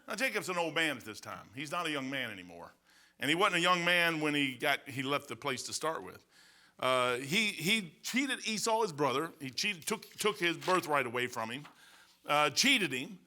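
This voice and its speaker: Bright-voiced preacher man in his sixties. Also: fairly high pitch. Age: 60s. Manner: emphatic, folksy storytelling with asides. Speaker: pastor. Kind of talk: sermon.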